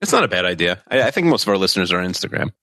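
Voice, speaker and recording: A man's voice: low voice, sing-song, rapid-fire, a bit bright, no room sound, studio quality. A man in his forties co-hosting a podcast, chatting casually and rambling with many hesitations. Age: 40s. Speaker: podcast co-host. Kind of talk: casual chat.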